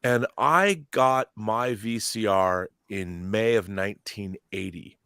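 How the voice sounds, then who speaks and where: A man in his fifties, co-hosting a podcast, telling blunt, lively stories and acting out the dialogue in them. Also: lowish voice, slow pace, smooth, no echo, clean studio sound. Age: 50s. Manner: animated anecdotes, blunt, acts out dialogue. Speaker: podcast co-host. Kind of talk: casual storytelling chat.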